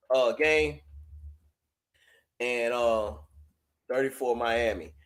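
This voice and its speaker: A man hosting a sports talk live stream, chatting casually and loosely with viewers and reading their chat messages aloud. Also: a little high.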